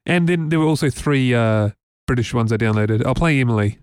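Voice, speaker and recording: A man's voice: medium pitch, brisk, clear, resonant tone, dry recording, studio quality. A man from New Zealand co-hosting a casual tech podcast, chatty and rambling with many fillers. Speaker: podcast co-host.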